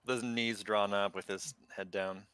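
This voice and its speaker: A man describing his character's actions in a tabletop game, softly and hesitantly. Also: lowish voice, fairly even intonation, a little slow, smooth, dry recording. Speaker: player. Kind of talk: casual tabletop play.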